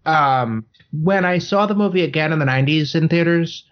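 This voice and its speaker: A man's voice: a little high, moderate pace. Man reminiscing, dull lo-fi sound. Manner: reflective, rambling with restarts. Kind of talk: casual podcast chat.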